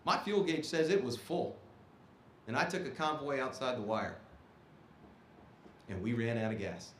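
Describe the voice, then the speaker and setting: A middle-pitched man in his fifties addresses a ceremony crowd as an Army officer, driving his points home in an emphatic, plain-spoken way. His voice rings through a roomy auditorium over a faint hiss. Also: a little slow. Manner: emphatic, punctuates points with "okay?". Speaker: guest speaker, Army officer. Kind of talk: ceremony speech. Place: performing arts auditorium. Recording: echoey auditorium.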